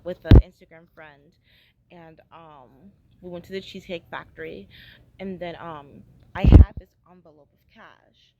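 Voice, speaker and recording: Young woman, hungover and tired, filler-heavy rambling vlog, slightly low pitch, faint background noise. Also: mellow, rough recording. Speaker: vlogger. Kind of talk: casual travel diary vlog. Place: airport waiting area.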